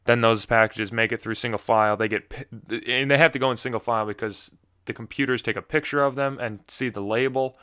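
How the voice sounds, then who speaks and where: A man's voice: mid-range voice, steady tone, fairly quick, pushed and bright, clean tone, dry recording, studio quality. A young man hosting a solo podcast, telling a rambling, self-mocking story full of tangents. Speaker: podcast host. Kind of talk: casual solo chat.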